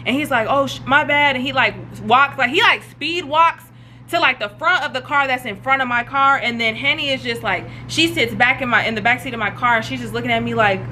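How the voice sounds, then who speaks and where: A young adult woman vlogger telling a storytime in an animated, slangy way, full of fillers. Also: a little high, brisk, slight background noise. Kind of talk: storytime vlog.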